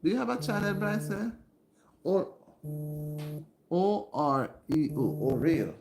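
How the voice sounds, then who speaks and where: A woman hosting a casual home livestream, chatting warmly and greeting her viewers by name. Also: lowish voice, very animated, slow, echoey room, background noise. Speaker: livestream host. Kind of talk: casual live-stream chat with viewers. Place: indoors at home.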